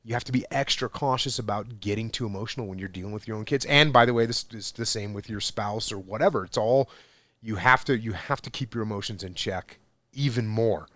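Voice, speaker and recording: A man's voice: on the low side, brisk, a bit bright, dry recording. A man in his forties, a former military leader, explaining his ideas emphatically in a casual podcast conversation. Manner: emphatic, explanatory, building points with repetition.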